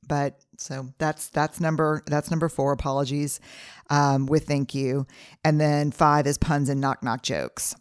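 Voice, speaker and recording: A woman's voice: low voice, no room sound, studio quality. A middle-aged woman hosting her own podcast, talking earnestly and personally as she walks through a numbered family plan with stories from home. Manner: earnest, personal, listing steps with anecdotes. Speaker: podcast host. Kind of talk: reflective solo podcast talk.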